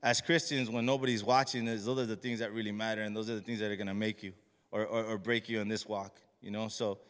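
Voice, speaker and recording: A man's voice: on the low side, flat delivery, fast talker, fairly bright tone. A man sharing a personal testimony with his church, casual and rambling, full of restarts and slang. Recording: long hall reverb.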